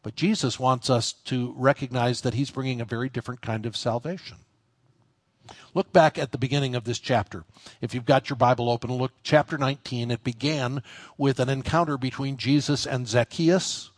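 A man's voice: medium pitch, fairly even intonation, moderate pace, no room sound, studio quality. A man preaching a sermon in a conversational way, building to emphatic points. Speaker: pastor.

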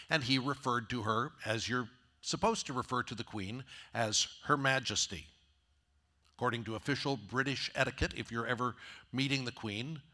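A man's voice: medium pitch, pushed and bright. A man preaching a conversational sermon as a pastor, often asking his listeners rhetorical questions.

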